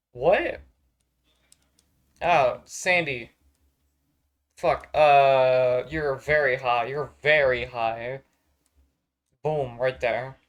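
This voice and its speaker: A man streaming from home, chatting casually in a rambling, profane way and getting exasperated easily. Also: fairly high pitch. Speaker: streamer ranking characters on a tier list. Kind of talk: casual live-stream chat.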